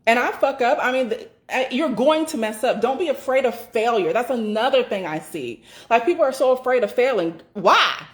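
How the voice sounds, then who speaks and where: A woman's voice: fairly high pitch, expressive. A woman giving a casual motivational talk as a doula business mentor, emphatic and repetitive, swearing freely and acting out her own inner thoughts. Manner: emphatic, repeats phrases for stress, swears freely; acts out inner thoughts in quick rushed asides.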